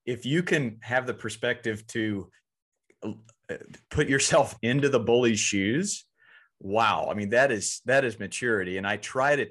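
A man's voice: mid-range voice, unhurried, a bit bright. A man hosting a podcast and coaching youth baseball, talking earnestly and often repeating words as he goes. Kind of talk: casual podcast conversation.

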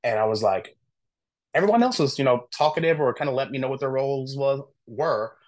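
A man who is a guest on a podcast. He tells a personal story in a casual, candid way and keeps slipping into lively quoted dialogue. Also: mid-range voice, fairly quick. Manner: animated, acts out quoted dialogue; candid, informal, with frequent fillers like "I'm like".

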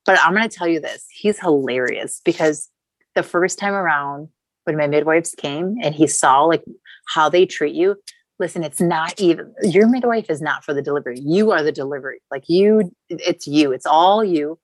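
Woman, thirties, low voice, dry close sound, chatty storytelling, swears casually. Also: normal speed, no echo, low-quality recording. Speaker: podcast guest.

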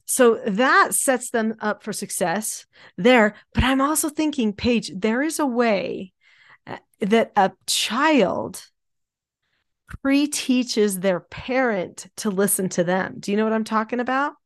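A woman's voice: on the high side, slow, no room sound, clean studio sound. A middle-aged woman teaching parenting methods in an explanatory, emphatic way, often repeating key words. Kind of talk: instructional podcast talk.

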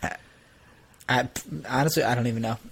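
A man's voice: mid-range voice, fairly even intonation, brisk, a bit bright, slight background noise. A young man co-hosting a podcast, telling stories in casual chat, joking and laughing often. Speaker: podcast co-host.

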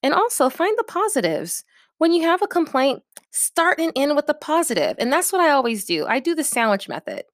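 A woman's voice: sits high, sing-song, fairly quick, dry recording, studio quality. A woman giving casual, direct advice in a coaching manner, often checking in with her listeners. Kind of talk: casual advice talk to camera.

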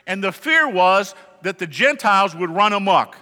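A man with a high, bright voice preaches a sermon to his congregation, talking conversationally and pressing points with emphasis. He keeps asking the listeners questions. His voice rings with the long reverb of a large church hall. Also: expressive, normal speed, hardly any pauses. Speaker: pastor. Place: church sanctuary.

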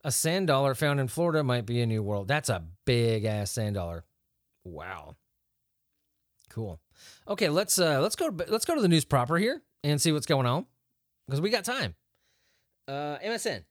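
A man's voice: mid-range voice, very animated, normal speed, pauses often, no echo, studio quality. A man hosting a podcast, reading news headlines aloud and riffing on them in a joking, rambling way with frequent laughs. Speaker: podcast host. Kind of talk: casual rambling news chat.

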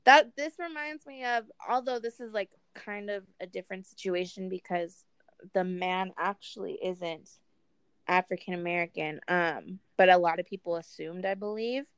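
Smooth-voiced woman telling a story. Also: medium pitch, moderate pace, no echo. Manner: storytelling, chatty, many fillers. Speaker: podcast co-host. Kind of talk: casual chat.

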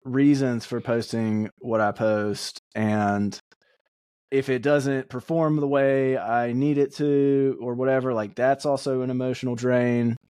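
A man's voice: medium pitch, fairly even intonation, a little slow, darkish tone, clean tone, no room sound, studio quality. A man co-hosting a podcast in casual chat, talking bluntly and frankly and swearing casually. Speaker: podcast co-host.

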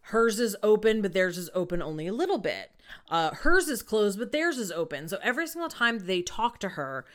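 A woman's voice: medium pitch, a bit bright, smooth. A woman hosting a podcast, casually retelling a true crime case with lots of "um" and "like". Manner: chatty, many fillers like "um" and "like".

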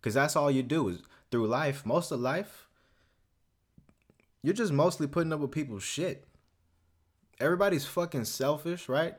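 A man's voice: fairly high pitch, expressive, normal speed, long pauses. A young man hosting a solo podcast, ranting casually in a profane, swaggering, rambling way. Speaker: podcast host.

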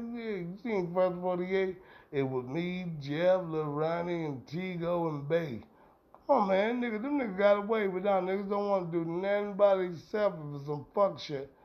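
A middle-aged man rants on a podcast, heated and profane, his talk rambling from point to point. His voice sits high for a man. The recording is dull and lo-fi. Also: moderate pace. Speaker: podcast host. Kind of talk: profane ranting commentary. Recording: dull lo-fi sound.

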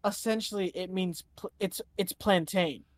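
A woman's voice: fairly low pitch, moderate pace, no room sound. A young woman chatting casually into her own microphone, hesitant and full of filler words. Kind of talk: casual chat.

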